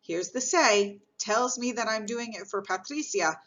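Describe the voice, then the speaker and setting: Woman, mid-pitched teacher voice, patient step-by-step explainer, muffled recording. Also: a little slow, a bit bright. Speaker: Spanish teacher. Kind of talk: recorded lesson explaining grammar.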